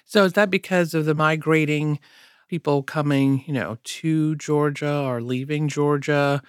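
A man's voice: a little high, fairly even intonation, measured pace, clean tone, dry recording, studio quality. A man co-hosting a radio show, asking conversational questions with frequent "you know".

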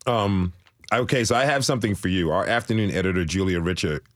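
A man's voice: deep voice, fast, no echo. A man hosting a radio interview show from a studio, upbeat and curious as he asks his guests questions.

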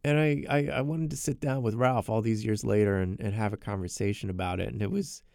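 Man with a gravelly voice, dry close mic, earnest personal storytelling with stumbling repeats. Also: lowish voice, steady tone, fairly quick, a little mellow, no echo. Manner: earnest, repeats words when emotional. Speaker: podcast narrator.

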